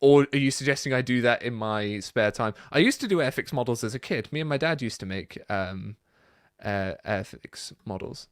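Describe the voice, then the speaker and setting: Relaxed, chatty man with dry sound. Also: mid-range voice, moderate pace, clear, resonant tone, no echo. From Britain. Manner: chatty and relaxed, many fillers and asides. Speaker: YouTube channel host. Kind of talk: casual Q&A reading viewer comments.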